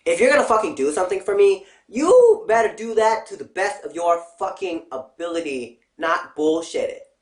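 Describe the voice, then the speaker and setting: A young woman talks straight to the camera in a blunt, profane vlog rant, keeping it animated and casual. Her voice sits on the low side for a woman. The room adds a noticeable echo around her. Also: moderate pace. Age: young adult. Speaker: vlogger. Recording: roomy echo.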